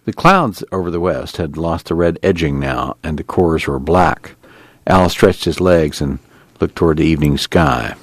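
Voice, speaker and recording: A man narrating a novel in a measured, expressive storytelling manner. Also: extremely low pitch, no room sound. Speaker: audiobook narrator.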